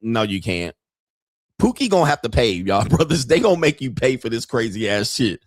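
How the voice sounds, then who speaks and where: A male livestream host in a crude comedic rant, animated and acting out the people he talks about. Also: medium pitch, moderate pace, dry recording, studio quality.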